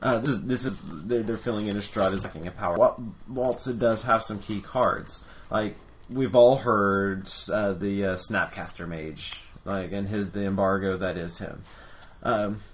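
A man's voice: on the low side, steady tone, measured pace. A man in his thirties co-hosting a podcast, telling stories in a loose, rambling way and swearing freely. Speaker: podcast co-host. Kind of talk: casual chat.

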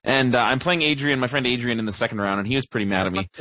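A man's voice: medium pitch, racing, bright, forceful tone, dry recording. Rambling man telling a story. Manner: rambling storyteller, many fillers and restarts. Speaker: podcast co-host. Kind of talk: casual chat.

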